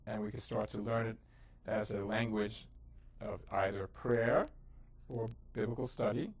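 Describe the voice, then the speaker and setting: A man's voice: fairly low pitch, fairly even intonation, measured pace. Patient man sounding out Hebrew syllables. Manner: casual with fillers. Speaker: Hebrew teacher. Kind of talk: educational lesson.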